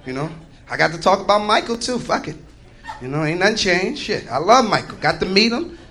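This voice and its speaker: A man's voice: sits high, expressive, brisk. A man doing a profane, swaggering stand-up routine. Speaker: stand-up comedian. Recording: live club with loud crowd noise.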